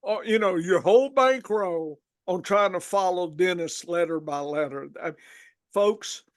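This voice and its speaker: A man's voice: high voice, unhurried, dry recording, studio quality. A man with a Southern US accent, from Arkansas, hosting a podcast in a rambling, folksy way. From Arkansas, USA. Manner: rambling, folksy, lots of restarts. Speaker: podcast host. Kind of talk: casual podcast chat.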